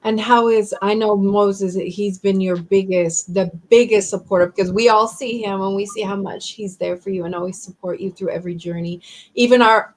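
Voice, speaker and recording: A woman hosts a live-stream chat, speaking with earnest, heartfelt empathy. Her voice sits at a middle pitch for a woman, neither high nor low. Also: poor audio. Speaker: host.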